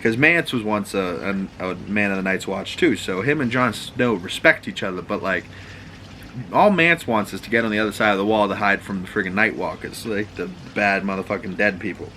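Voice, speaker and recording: Profane rambling Boston man, bright tone. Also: lowish voice, fairly quick, slight background noise, low-quality recording. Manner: loose, profane, rambling storyteller. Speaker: podcast host. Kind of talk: casual recap chat. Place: home room with water running next door.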